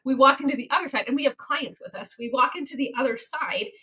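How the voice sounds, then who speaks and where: A woman hosting a podcast about real estate, telling stories in an animated, laughing, repetitive way. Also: sits high, quick pace, breathy edge, lo-fi sound. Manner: animated, laughing, repeats phrases for emphasis. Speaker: podcast host and realtor. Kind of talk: casual storytelling chat.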